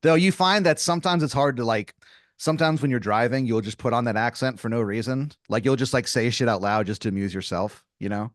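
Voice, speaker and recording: A man hosting an improvised comedy podcast, laying out a long scenario with halting restarts. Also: mid-range voice, dry recording, clean studio sound. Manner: rambling, hesitant setup full of restarts. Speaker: podcast host.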